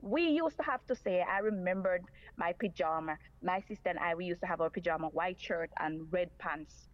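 A woman's voice: fairly low pitch, normal speed. Earnest woman on a muffled line. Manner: earnest, repeats her points. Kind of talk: talk radio call-in.

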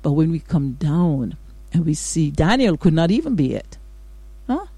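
A woman's voice: deep voice, sing-song, moderate pace, warm tone, slightly rough, dry recording. A woman hosting a morning devotional radio show, greeting listeners and preaching with exuberant praise and amens. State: out of breath. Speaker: radio host.

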